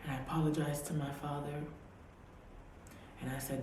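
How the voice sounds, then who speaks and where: A woman vlogger giving an emotional personal testimony, repeating her phrases and sometimes dropping to a hushed near-whisper. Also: sits low, little pitch movement, normal speed, pauses often. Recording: very echoey room with faint background hiss.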